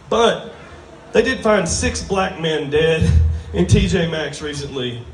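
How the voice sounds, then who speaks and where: Speaking slowly with lively intonation, a man with a slightly high voice delivers a drawling, crude, self-mocking stand-up set to a live brewery audience. A little hiss or hum is present, and the sound is distant and roomy, as in a live venue.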